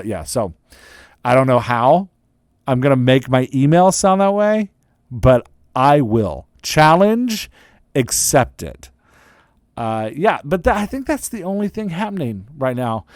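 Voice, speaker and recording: A man's voice: fairly high pitch, no room sound. A middle-aged man hosts a casual solo podcast, drifting loosely between updates and poking fun at himself. He talks into a close microphone in a dry, dead room. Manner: rambling and self-deprecating, with many fillers and restarts. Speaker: podcast host and writing coach. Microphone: close studio microphone.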